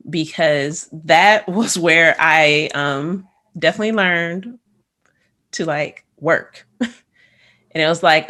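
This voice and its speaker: A woman co-hosting a casual podcast, lively and quick with asides and frequent laughter. Her voice is somewhat low in pitch yet bright and forceful. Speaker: podcast co-host, music teacher.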